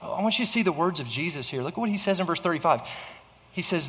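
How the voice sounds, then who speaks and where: A man's voice: high voice, animated, quick pace, fairly bright tone, long reverb tail. A man preaching a sermon in an earnest way, often restarting phrases and asking the listeners rhetorical questions. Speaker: pastor.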